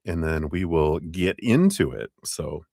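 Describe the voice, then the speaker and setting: A man's voice: low-pitched, expressive, unhurried, vocal fry, warm tone, dry recording, studio quality. A man hosting a live tarot stream, chatting casually with viewers, laughing often and sounding giddy.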